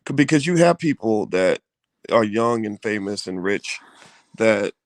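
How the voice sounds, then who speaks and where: A man in casual conversation, talking in an animated way with frequent restarts and blunt slang. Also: fairly low pitch, measured pace, dry recording. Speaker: co-host. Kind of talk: casual chat.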